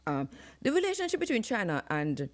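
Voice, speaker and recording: A woman hosting live radio commentary, talking in an animated way and switching into patois for emphasis. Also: mid-range voice, a little fast. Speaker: radio talk show host. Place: radio studio.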